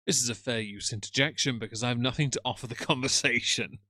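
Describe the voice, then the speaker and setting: A man's voice: medium pitch, fast, sharp tone. A middle-aged man from England, live streaming and reading chat comments in a dry, teasing, sardonic way.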